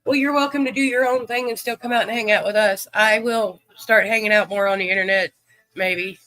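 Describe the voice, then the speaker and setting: High bright man chatting live. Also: steady tone, brisk, rough recording. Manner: easygoing, rambling, greets viewers by name. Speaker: livestream host. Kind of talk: casual chat with viewers.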